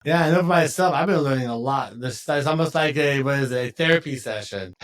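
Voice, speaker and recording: A man hosting a podcast, talking in a relaxed, chatty way and laughing often. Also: mid-range voice, fairly quick. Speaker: podcast host. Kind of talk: casual conversation.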